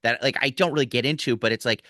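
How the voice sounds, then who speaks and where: A man in his forties from Philadelphia, a comedian chatting on a podcast, telling stories in a rambling, animated way with many restarts. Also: medium pitch, quick pace, no echo, studio quality. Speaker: guest comedian. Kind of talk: casual podcast chat.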